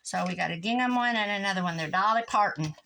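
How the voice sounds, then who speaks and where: A woman's voice: mid-range voice, quick pace, vocal fry, a little hiss or hum. Chatty woman in her sixties. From Iowa, USA. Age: 60s. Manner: rambling, animated anecdotes with asides about the craft. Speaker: crafting vlogger. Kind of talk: chatty storytelling while crafting. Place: home craft desk indoors.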